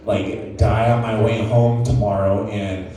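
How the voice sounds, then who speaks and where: A man's voice: fairly low pitch, little pitch movement, unhurried, mellow. A young man doing stand-up, telling a rambling, self-mocking story packed with fillers. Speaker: stand-up comedian. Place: casino stage, live show. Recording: echoey room, mic from a distance.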